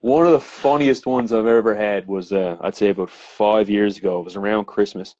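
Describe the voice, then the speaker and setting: Newfoundland plumber telling rowdy stories. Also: male voice, fairly low pitch, fairly quick, no room sound. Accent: Newfoundland English. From Newfoundland, Canada. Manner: animated, laughing storyteller with frequent fillers and swearing. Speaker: plumber and podcast guest. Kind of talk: casual storytelling chat. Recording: slightly dull, dry podcast audio.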